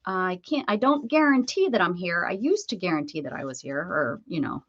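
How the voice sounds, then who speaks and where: Between crafting tips on her casual home livestream, a Pennsylvania woman chats, laughs, and coos baby talk to her dog. She speaks briskly and expressively in a lowish voice, and the recording has its highs cut off.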